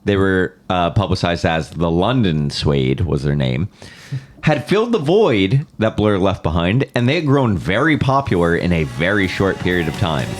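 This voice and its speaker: Lively low-voiced male podcast host. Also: normal speed. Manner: storytelling band history with jokey asides. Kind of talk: casual music podcast chat.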